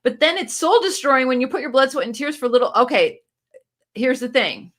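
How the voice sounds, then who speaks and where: Her voice sits high, with a fairly bright, expressive tone and a slightly fast delivery. This booktube host runs a relaxed live stream on her phone camera, reading viewers' comments aloud and answering with upbeat, coach-like encouragement.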